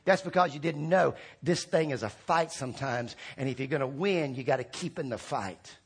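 A man preaching a sermon as pastor, rallying the congregation with call-and-response prompts and swinging between shouted peaks and quiet drops. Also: medium pitch, moderate pace, creaky, husky.

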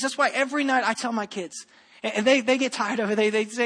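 High-voiced pastor preaching with swelling emphasis. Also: male voice, fast, big-room sound. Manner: emphatic, swings between loud and soft. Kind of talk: sermon.

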